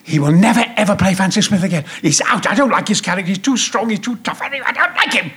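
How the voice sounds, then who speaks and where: A furious little director bellows and swears in a high, piercing voice, as a man puts him on. His threats jump all over the scale with a bright, hard edge. He is a ranting tyrant of the rehearsal room. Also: expressive, quick pace. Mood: enraged.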